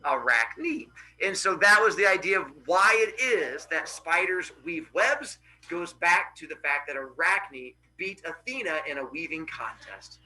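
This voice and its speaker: A man's voice: on the high side, animated, measured pace, few pauses, bright, forceful tone, poor audio. A male teacher dramatically retelling a Greek myth to his class in a casual, playful way. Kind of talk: animated classroom storytelling.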